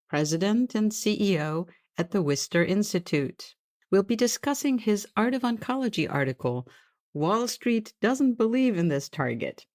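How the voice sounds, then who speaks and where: A woman with a somewhat low voice hosts a podcast, reading her introduction in a measured, formal way. Her delivery is even and clear. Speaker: podcast host.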